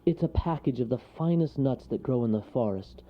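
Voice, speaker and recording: A man's voice: medium pitch, animated, moderate pace, pitched above the performer's own voice, lightly acted. A man voicing a polite, grateful father squirrel in a storybook. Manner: polite, earnest. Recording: lo-fi recording.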